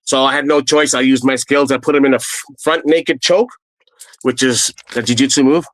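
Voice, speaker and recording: A man's voice: fairly even intonation, normal speed, fairly bright tone, no echo, rough recording. Middle-aged guy from canada telling a wild story, blunt and profane, voices the people in it, dry sound. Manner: re-enacts quoted people with raised pitch, blunt and profane. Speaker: guest telling his story. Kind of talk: animated personal storytelling.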